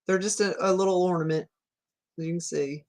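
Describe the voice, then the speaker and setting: A woman's voice: fairly low pitch, steady tone, fairly quick, a little mellow. A woman with a Southern US accent hosting a casual livestream, chatting in a rambling way, laughing often and reading viewer comments aloud. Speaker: livestream host. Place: home room at night.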